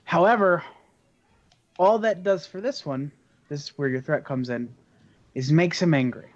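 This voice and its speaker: A game master running a tabletop game, explaining rules and narrating in a relaxed way with many fillers. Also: mid-range voice, unhurried. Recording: dull lo-fi recording.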